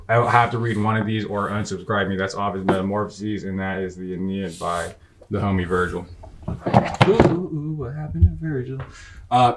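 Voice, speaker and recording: Against a noisy background, a young man with a fairly low voice hosts a casual bookshelf tour as a book reviewer. His talk comes in slangy, profane, rambling bursts that frequently break off mid-sentence as he interrupts himself.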